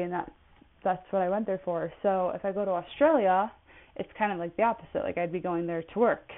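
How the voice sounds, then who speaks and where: A woman in her twenties rambling through a casual personal monologue, with many "like" fillers. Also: medium pitch. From United States. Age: 20s. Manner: rambling, chatty, full of "like" fillers. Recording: tinny phone-like audio.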